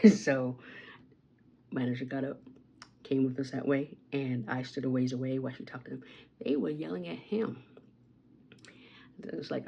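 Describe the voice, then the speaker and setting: A woman's voice: rumbling low, fairly even intonation, normal speed, gravelly, long pauses, breathy edge, dull audio. A woman vlogging at home, chatting through a rambling story with asides about her makeup. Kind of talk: casual get-ready-with-me storytime.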